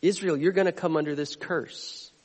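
High-voiced man preaching in a reverberant hall. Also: steady tone, normal speed, slightly rough. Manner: earnest preaching, rises and drops between loud and quiet. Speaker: pastor. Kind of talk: sermon.

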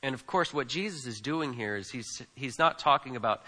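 A man's voice: mid-range voice, brisk, hardly any pauses, pushed and bright. A man preaching a sermon in a conversational, emphatic way, repeating words and asking the crowd "right?". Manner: conversational, emphatic, with frequent repetitions and tag questions. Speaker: pastor. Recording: long hall reverb.

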